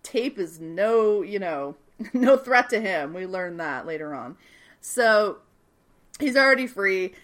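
A young woman co-hosting a casual podcast, retelling a TV episode in a lively way and acting out the characters' lines with plenty of swearing. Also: medium pitch, slow pace. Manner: animated storytelling, acts out characters' lines, swears and laughs often. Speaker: podcast co-host recapping a TV series. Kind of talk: casual chat.

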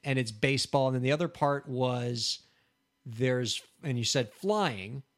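A man co-hosting a podcast in casual chat, rambling and thinking out loud with self-mocking humor. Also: mid-range voice, a little slow. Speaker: podcast co-host.

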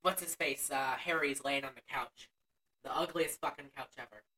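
A woman's voice: very deep voice, normal speed, sharp tone, recorded from a distance. A woman co-hosting a podcast, recapping a movie in casual chat with a profane, sarcastic storytelling manner. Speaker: podcast co-host.

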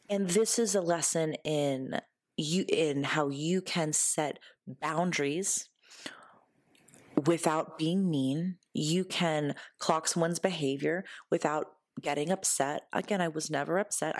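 A woman's voice: low voice, dry recording, clean studio sound. A woman hosting her own podcast in a casual solo monologue, candid and blunt, swearing freely and laughing often, earnest when giving advice. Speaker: podcast host.

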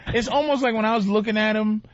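A man with a high voice telling a story on a radio talk show, halting and circling back over his words. The broadcast sound is dull and muffled. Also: steady tone, no room sound. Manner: halting, repeats himself. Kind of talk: casual radio banter.

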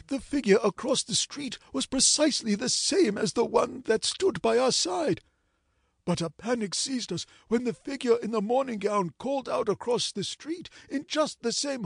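A man narrating an old ghost story in a measured, dramatic reading. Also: high voice, creaky, slightly rough, no room sound, clean studio sound.

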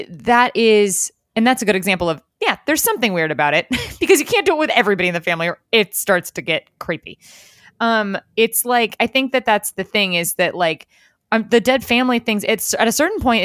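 A young woman co-hosting a casual podcast chat, animated and laughing often, with lots of fillers. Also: medium pitch, dry recording, clean studio sound. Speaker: podcast co-host.

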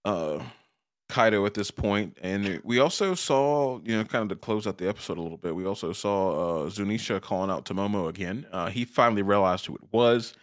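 A man with a low voice recaps anime episodes in loose, rambling chat and keeps stopping to restart his sentences. The sound is dry and close to the mic. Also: a little fast, dry recording. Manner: rambling, many fillers and restarts, laughs often. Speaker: podcast co-host. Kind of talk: casual chat.

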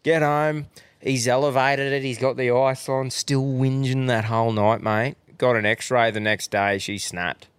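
A young Australian man spins a loose, profane yarn for his mates, laughing often along the way. His voice sits at an ordinary middle pitch and comes through dry and close, with no room echo. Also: fairly even intonation, measured pace, clean tone. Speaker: podcast co-host. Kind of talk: casual chat.

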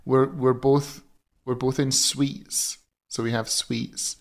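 A man in a relaxed podcast chat, blunt and teasing, poking fun at his co-host. He talks at an ordinary middling pitch, easy and unhurried. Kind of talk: casual chat.

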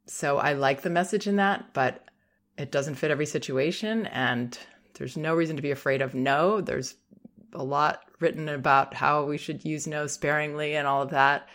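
A middle-aged woman hosting a parenting podcast, giving calm, reassuring advice and acting out short lines a parent might say. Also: deep voice. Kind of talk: advice monologue.

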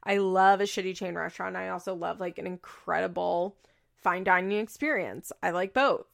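A woman's voice: lowish voice, moderate pace, gravelly. A woman hosting a podcast, chatting casually and laughing often as she recaps. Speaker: podcast host.

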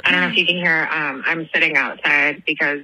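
A young woman rambles through a long personal story on a phone voicemail, sitting outdoors at night. She keeps apologizing and giggling. Her voice is a little low but very bright and sharp, and the sound is dry and close. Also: fairly even intonation, fairly quick, dry recording, rough recording. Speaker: caller leaving a voicemail.

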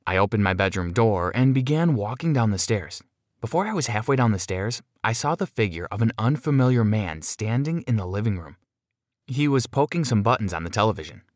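Man storyteller, expressive low voice, dry close recording. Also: a little fast, no room sound. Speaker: narrator. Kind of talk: scripted first-person story narration.

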